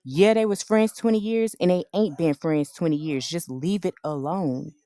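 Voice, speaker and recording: A woman's voice: lowish voice, normal speed, dark tone, no room sound. A woman hosting a casual reality TV recap, gossipy and slangy, acting out what the cast said. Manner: gossipy, slangy, acts out the cast's lines.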